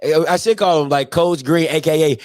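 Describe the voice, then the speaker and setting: A man's voice: a little high, brisk, darkish tone, a little hiss or hum. A man hosting a live call-in stream in casual chat, joking and laughing often.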